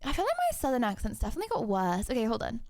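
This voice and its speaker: A woman's voice: fairly high pitch, very animated, rapid-fire, a little mellow, dry recording, studio quality. A young woman streamer chatting casually with her viewers in a rambling, giggly way. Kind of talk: casual livestream chat. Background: music.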